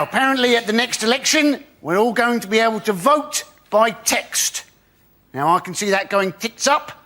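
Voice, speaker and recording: A man's voice: very high voice, bright, forceful tone. A man doing a wry, dry stand-up routine as a comedy panelist.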